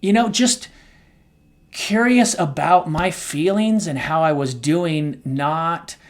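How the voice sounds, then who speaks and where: A middle-aged man co-hosting a podcast, talking candidly and emotionally, his voice swinging between soft and loud. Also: on the high side, slow. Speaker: co-host.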